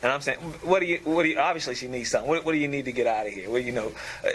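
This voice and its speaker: A man's voice: mid-range voice, rapid-fire, fairly bright tone, a little hiss or hum. A man in a barbershop group talk, explaining his ideas on communication in a thoughtful way. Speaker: barbershop discussion participant. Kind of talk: casual group chat.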